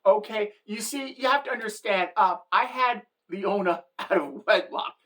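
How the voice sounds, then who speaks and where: A woman's voice: medium pitch, normal speed, fairly bright tone. Brash, sassy middle-aged woman for a comedic vlog monologue. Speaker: satirical vlogger.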